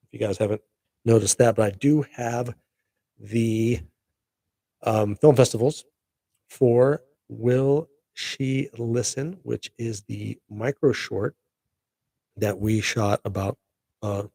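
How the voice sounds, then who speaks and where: A man's voice: on the low side, fairly even intonation, takes it slowly, creaky, long pauses, mellow, no room sound. A middle-aged man hosting a casual live podcast stream, rambling upbeat to his viewers. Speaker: podcast host.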